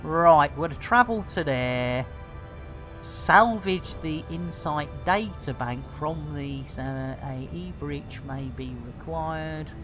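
A man's voice: fairly high pitch, takes it slowly, over music. A man streaming a space game, chatting and joking as he plays, with a rambling manner and lots of fillers. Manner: jokey, rambling banter with many fillers. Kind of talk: casual gameplay commentary.

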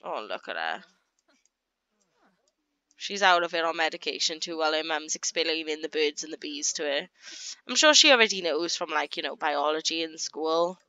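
A woman giving casual gameplay commentary, chatting along and voicing her characters in quick asides. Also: deep voice, animated, bright, forceful tone, smooth, no room sound, dull audio. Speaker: gaming YouTuber.

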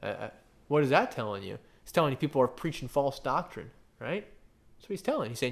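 A man's voice: mid-range voice, very animated, fast talker, vocal fry. A male pastor preaching a sermon, emphatic and full of rhetorical questions, often stumbling and restarting his phrases.

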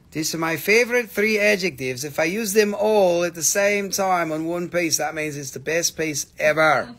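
A man's voice: fairly high pitch, normal speed, hardly any pauses, a bit bright. A man hosting a live stream crystal sale, with playful salesman patter in a put-on joke voice and some cursing. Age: adult with a daughter.

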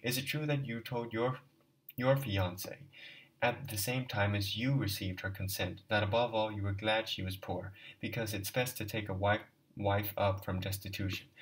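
A man voicing a feverish young male student who trembles and breaks into sharp outbursts of rage. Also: fairly low pitch, distant mic, lightly acted, poor audio. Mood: trembling anger.

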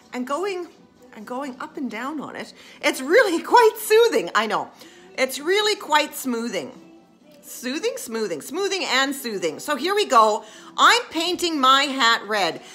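Woman, high voice, bright tone, chatty, self-mocking, live-stream craft chat. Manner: chatty, self-mocking, bursts into excited squeals.

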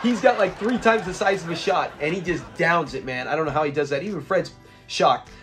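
A young man casually breaking down a sitcom episode, excitable and often laughing as he retells scenes. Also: a little high, fairly quick, music in the background. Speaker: show reviewer.

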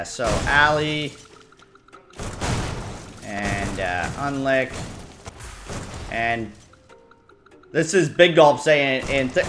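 Giggly young man doing slow gameplay commentary. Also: mid-range voice, fairly bright tone. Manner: giggly and goofy, laughing often. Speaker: gaming YouTuber.

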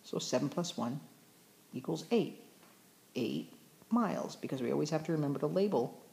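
A woman's voice: deep voice, animated, normal speed, vocal fry, mellow. A woman teacher explaining fractions in a chatty, encouraging way, often correcting herself mid-sentence. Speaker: math teacher. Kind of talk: recorded math lesson.

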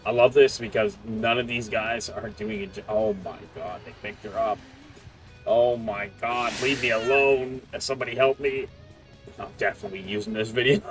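A man's voice: mid-range voice, steady tone, normal speed. A man giving casual gameplay commentary as a streamer, taunting and joking at the other players. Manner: trash-talking, taunting and joking at opponents. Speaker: gaming streamer. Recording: game music playing under the voice. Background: game music.

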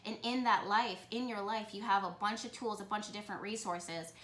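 Excited woman giving a tarot reading. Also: mid-range voice, fairly quick, roomy sound. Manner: excited, rambling, self-correcting. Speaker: tarot reader.

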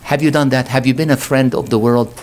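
A male pastor delivering a sermon, questioning his congregation and rising to slow, emphatic peaks. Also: fairly even intonation, a little mellow, slight background noise. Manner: impassioned, swells to high emphatic peaks, slow drawn-out stresses; calls out rhetorical questions to the congregation.

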